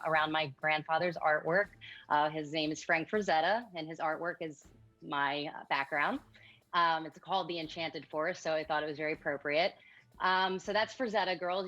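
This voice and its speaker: A woman's voice: low voice, fairly bright tone, lo-fi sound. A woman introducing herself as a new player in a tabletop game, hesitant, with many fillers. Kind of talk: casual self-introduction.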